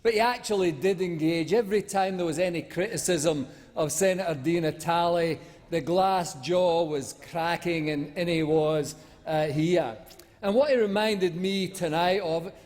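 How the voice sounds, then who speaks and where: A man's voice: sits high, a little mellow. A man speaking as a senator in a parliamentary debate, rambling and mocking, with lots of fillers and restarts. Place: large debating chamber. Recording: echoey chamber reverb.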